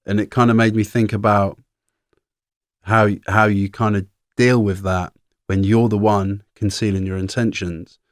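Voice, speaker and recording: A man from England, a guest on an interview podcast, talking in a relaxed, plain-spoken way. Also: fairly low pitch, no echo, clean studio sound. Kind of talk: casual conversation.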